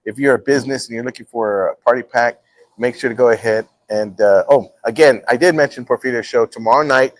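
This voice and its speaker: A man's voice: medium pitch, fairly quick, low-quality recording. A middle-aged man hosting a casual talk show, telling a story and acting out the quotes with laughs. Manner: animated, acts out quotes with laughs. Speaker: host.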